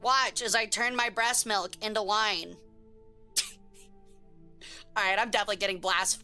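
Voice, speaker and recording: Woman streamer, casual live-stream chat, slangy and joking, bright forceful voice, smooth clear tone, faint music underneath. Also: medium pitch, steady tone, moderate pace, pauses often.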